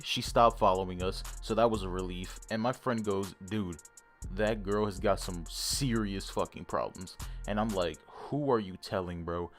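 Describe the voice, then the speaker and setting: A young man hosting a casual storytime vlog, cursing freely in drawn-out bro talk. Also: low voice. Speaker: channel host.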